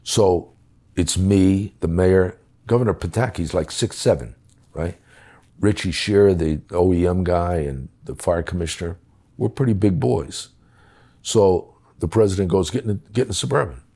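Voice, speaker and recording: Deep, husky, blunt-talking middle-aged man. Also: unhurried, dark tone. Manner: blunt, profane, emphatic. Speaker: guest recounting his time as a police official. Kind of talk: storytelling in conversation.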